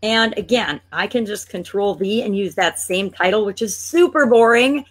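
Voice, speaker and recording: A woman of ordinary pitch talks through a screen-share tutorial in a chatty, thinking-aloud way. She sounds playfully exasperated with a sluggish computer as she clicks along. She comes across as a business coach showing a step-by-step process. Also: normal speed.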